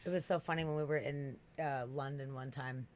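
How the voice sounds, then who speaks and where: An East Coast man hosting a podcast in a loose, rambling chat, middle-pitched and quick to laugh. He swears freely and tells stories with plenty of energy, over a faint hiss of background noise. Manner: animated, laughing, profane and rambling. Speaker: podcast host.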